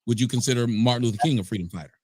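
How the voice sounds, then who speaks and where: A man's voice: mid-range voice, rapid-fire, a little mellow, slightly rough, no room sound, clean studio sound. A man in a live-streamed discussion, argumentative and sarcastic, restarting to push his point.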